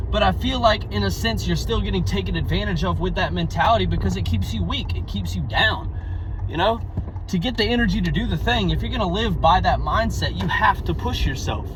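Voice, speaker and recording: A man's voice: high voice, moderate pace, noisy background. A young man talking to his own camera in a blunt, rambling, profane way, a little out of breath. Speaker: vlogger. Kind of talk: casual monologue to camera.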